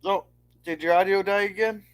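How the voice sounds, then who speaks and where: A man's voice: high-pitched, fairly even intonation, normal speed. A man joining a casual online chat as a panel guest, teasing and holding back a joke, heard through a video call.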